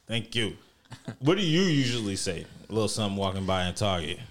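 A man's voice: on the low side, very animated, a little fast. A man co-hosting a casual podcast, teasing his friends and laughing often. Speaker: podcast co-host. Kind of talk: casual group banter.

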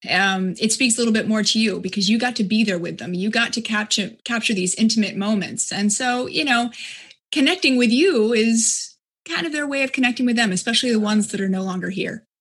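Slightly high-voiced woman interviewer. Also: a little fast, fairly bright tone, slightly rough. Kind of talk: interview conversation.

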